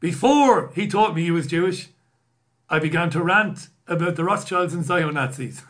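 A man's voice: a little high, lively intonation, moderate pace, a bit bright. Sardonic British man reading viewer messages. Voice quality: bald, self-described poor at accents. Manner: sardonic, swears freely, laughs at himself. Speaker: live stream host. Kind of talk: casual live stream chat, reading viewer messages.

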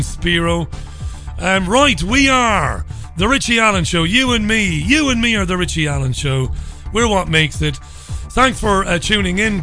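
A man's voice: high-pitched, bright, forceful tone. A man hosting a live radio talk show in a chatty, upbeat way with rambling asides. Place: radio studio.

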